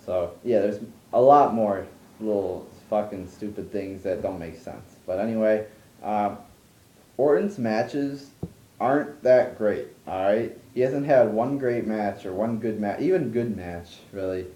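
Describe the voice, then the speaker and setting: Ranting vlogger, male, mellow low voice, swears a lot, restarts sentences, roomy room. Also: a little slow, dull audio. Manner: profane, exasperated, rambling with restarts. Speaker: wrestling commentary vlogger. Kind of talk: ranting monologue.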